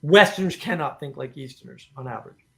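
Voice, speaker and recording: A man hosting a casual discussion, animated and talking in bursts with many "right?" asides. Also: medium pitch, a little fast, creaky. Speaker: host.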